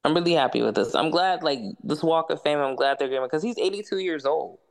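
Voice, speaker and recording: A woman's voice: deep voice, fast talker, gravelly. A woman hosting a casual podcast chat, laid-back and repetitive, laughing often. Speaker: podcast host.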